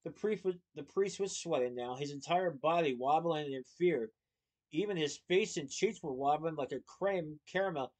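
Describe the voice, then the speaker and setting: A man reading a children's novel aloud, lively, with small slips and playful asides. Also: a little high, moderate pace. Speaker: storyteller.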